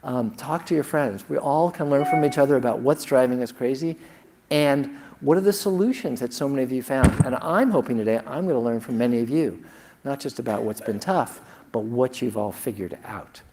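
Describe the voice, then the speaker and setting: A man's voice: medium pitch, normal speed, warm tone, slight background noise. A man speaking earnestly to a conference audience, urging people to talk to each other. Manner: earnest, encouraging. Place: conference hall.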